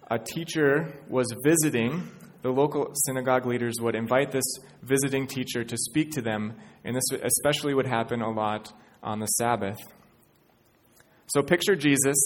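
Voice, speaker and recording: A man preaching a sermon in an earnest way, building to emphatic peaks. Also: mid-range voice. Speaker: pastor. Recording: church hall reverb.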